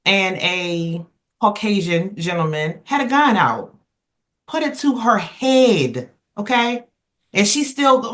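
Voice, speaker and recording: A woman speaking on a casual podcast roundtable, emphatic and animated, circling back and restarting as she tells stories. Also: mid-range voice, unhurried. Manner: emphatic, animated storyteller who rambles and restarts. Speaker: roundtable panelist.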